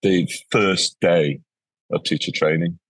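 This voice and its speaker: A man tells stories as a guest in a relaxed interview. His voice is low and a bit husky. He acts out the people he quotes, and the recording is dry with little room sound. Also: slow pace, no echo. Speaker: educator guest. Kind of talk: casual interview storytelling.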